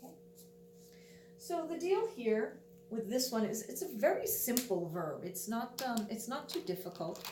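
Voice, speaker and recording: A woman's voice: fairly high pitch, sing-song, moderate pace, a little mellow, recorded from a distance, slight background noise. Teacher woman in an echoey room. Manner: patient, explains step by step, wry asides. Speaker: Spanish teacher. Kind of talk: classroom video lesson.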